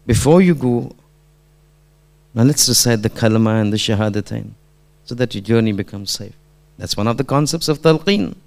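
A male preacher delivers a Friday sermon in at an ordinary mid pitch. He tells a story through acted dialogue and swells into loud, emphatic exhortation.

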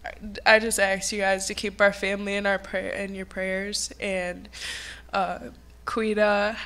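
A young woman speaking at a church funeral, unhurried and bright in tone. She talks with affection, laughs through her stories and grows quiet in the serious parts. A podium microphone in a sanctuary. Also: medium pitch. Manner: fond, laughing through memories, softening when serious. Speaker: granddaughter giving a tribute. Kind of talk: funeral tribute speech.

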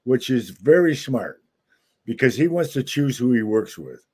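A man in his seventies, a guest actor telling relaxed stories in casual chat. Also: medium pitch, measured pace, breathy edge.

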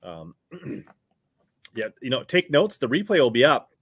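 A man's voice: mid-range voice, unhurried, slight background noise. A man hosting a casual live stream, chatting with his guest and reading out viewer comments. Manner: reads viewer comments aloud, lively back-and-forth.

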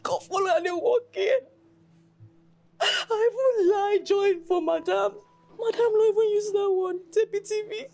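An actress playing a young Nigerian house cook who pleads and sobs, stammering, with a Nigerian accent. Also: female voice, very high voice, a little slow, darkish tone. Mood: crying. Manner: sobbing, stammering pleas.

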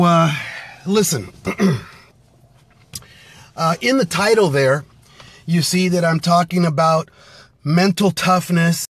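A man's voice: fairly high pitch, no echo. A middle-aged man, out of breath after a workout, talking bluntly and energetically from his car into a phone on a live stream, with lots of fillers. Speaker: motivational business speaker. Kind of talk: casual live-stream talk.

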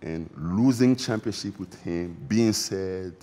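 A man, an interview guest recalling events in a halting, reflective way, repeating phrases with loose grammar. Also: low voice, warm tone. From Democratic Republic of the Congo. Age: 40s. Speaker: interview guest, former basketball player. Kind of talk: emotional recollection in a sit-down interview.

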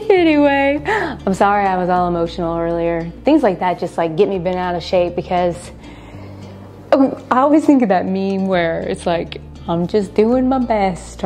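A middle-aged woman vlogging in a casual, chatty way, tired and unwell, a little emotional, with fillers and soft laughs. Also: medium pitch. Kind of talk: casual vlog chat to camera.

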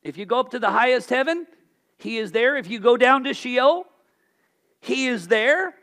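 A male pastor preaching a sermon, asking rhetorical questions and swinging from loud emphasis to hushed tones. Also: very high-pitched, animated, normal speed.

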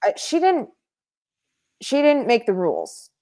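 A woman as a podcast guest, telling stories in a casual, animated way with frequent laughter. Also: a little high, measured pace. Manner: animated, laughs often mid-story, many fillers. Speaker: podcast guest, former reality show contestant. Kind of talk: casual storytelling chat.

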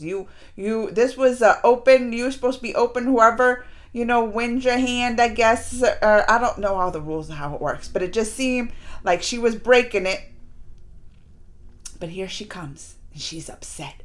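A woman, excitedly recapping a TV episode and acting out the characters' lines. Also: on the high side. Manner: chatty, animated retelling with exaggerated quoted voices. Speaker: reaction video host.

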